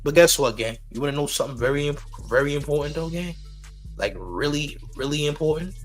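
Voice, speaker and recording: A man's voice: a little high, brisk, soft background music. A man hosting celebrity news commentary, mocking and slangy, talking straight to his audience. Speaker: news channel host. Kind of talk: casual commentary.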